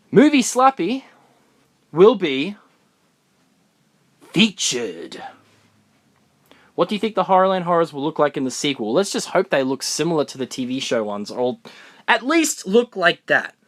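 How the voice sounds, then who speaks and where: A young man from Australia chatting excitedly through a live Q&A stream, recorded on his phone in a room of books. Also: a little high. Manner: chatty, excitable, answers comments on the fly. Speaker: fan vlogger. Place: room full of books, indoors.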